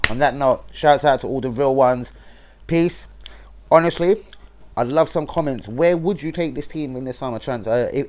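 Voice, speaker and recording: Sweary London fan ranting. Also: male voice, fairly low pitch, a little mellow, slight background noise. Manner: sweary, blunt London slang, keeps saying innit. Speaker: fan channel host. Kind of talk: casual football rant livestream.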